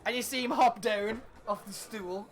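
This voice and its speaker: A man narrating as game master in a casual, halting way. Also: high voice, steady tone, a faint crowd.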